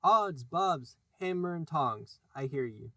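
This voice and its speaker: A man's voice: a little high, expressive, takes it slowly, no echo, exaggerated voice. A male narrator playing a cocky, mischievous boy from a storybook, raising his voice in a boastful, mocking imitation of a pirate. The recording is dry and close. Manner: mocking, boastful, lifted and loud.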